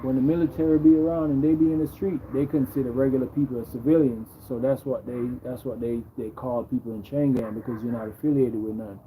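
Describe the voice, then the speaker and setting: A man's voice: mid-range voice, steady tone, fast, hardly any pauses, mellow, slight background noise, low-quality recording. A man hosting a livestream, talking casually and repeating himself, tagging "bro" onto his phrases. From Jamaica. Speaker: livestream host.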